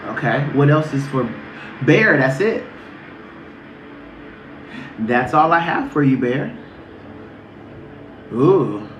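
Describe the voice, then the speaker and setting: A man doing a casual spiritual reading on a livestream, talking in a sassy, profane, animated way. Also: mid-range voice, slow pace, long pauses, a little hiss or hum. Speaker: spiritual reader. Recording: echoey room.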